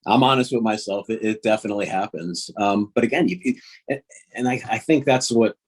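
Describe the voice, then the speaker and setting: Husky-voiced man, halting and self-correcting. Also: fairly low pitch. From northern United States. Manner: halting, many restarts and laughs. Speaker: voice actor guest. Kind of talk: casual podcast interview.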